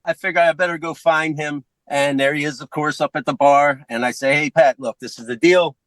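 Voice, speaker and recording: A man with a Philadelphia accent telling a comedic story on a podcast, profane and animated, acting out the voices of other people. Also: fairly high pitch, a little fast, dry recording, low-quality recording.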